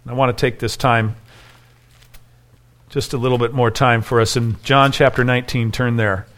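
A man's voice: mid-range voice, steady tone, normal speed, fairly bright tone. A man preaching an expository sermon, reading scripture aloud and explaining it, rising in intensity when he voices the people in the text. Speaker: pastor.

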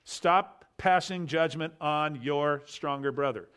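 Male pastor, slightly high pitch, emphatic verse-by-verse preaching with quiet asides. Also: slow pace, clean tone. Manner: emphatic, rhetorical questions, drops to quiet asides. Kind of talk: expository sermon.

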